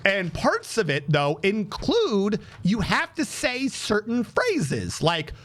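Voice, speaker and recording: A young man streaming, telling a story in a casual, animated way, swearing freely and acting out the exchanges he describes. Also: high voice, slow pace. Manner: animated, profane, acts out quoted exchanges.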